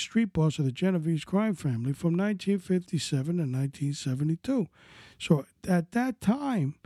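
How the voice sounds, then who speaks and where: Mellow-voiced man telling crime history. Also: a little high, breathy edge, no room sound, clean studio sound. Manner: speculative, conversational, fond of "of course" asides. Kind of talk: casual storytelling narration.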